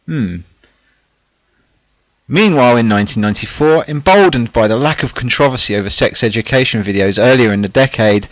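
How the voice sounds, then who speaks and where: A man reads a scripted documentary narration at a middling pitch. His delivery is sardonic and he drops catty asides. The recording is dry and close, with no room sound. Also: no echo, poor audio.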